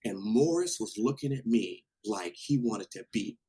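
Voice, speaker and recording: Husky-voiced man telling a story. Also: fairly low pitch, measured pace, poor audio. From Washington State, USA. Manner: animated, laughing, swears freely. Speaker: podcast guest, DJ. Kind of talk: casual storytelling.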